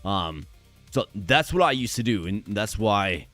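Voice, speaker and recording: A man with a hoarse voice, chatting energetically with viewers during a live stream. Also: lowish voice, sing-song, measured pace, pushed and bright, faint music behind.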